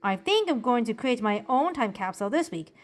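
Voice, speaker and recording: A chatty, bookish cartoon girl, voiced by a woman, rattles off jokes and journal entries in a bubbly, giggly way. Her voice sits high and swings up and down with animated energy. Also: a little fast. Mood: cheerful joking. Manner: bubbly, giggly joke-telling. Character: cheerful bookish preteen girl, upbeat and chatty. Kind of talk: journal-style character monologue.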